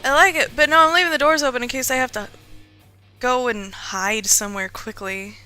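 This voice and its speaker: A woman's voice: high-pitched, a little fast, sharp tone, faint music behind. A woman, chatting casually and playfully as she streams a game. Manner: chatty, playful, talks to herself. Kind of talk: casual gaming commentary.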